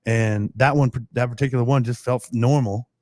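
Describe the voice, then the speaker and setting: A man chats casually as a podcast guest, telling lively stories and acting out what others said. His voice sounds dry and close, with little room sound. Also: mid-range voice, moderate pace, dry recording. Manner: animated storytelling with acted-out quotes. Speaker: pro football long snapper guest.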